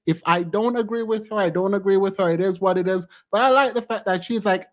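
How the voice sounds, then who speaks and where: An outspoken woman commenting casually on a clip she is watching. Her voice sits at a middle pitch, and she breaks into laughter often between her remarks. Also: fast talker, hardly any pauses. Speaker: reaction commentator.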